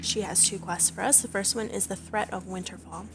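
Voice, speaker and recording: A woman's voice: medium pitch, fairly even intonation, a little fast. A woman giving casual, chatty commentary while playing a game and reading its quests aloud. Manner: chatty, self-deprecating. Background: game music.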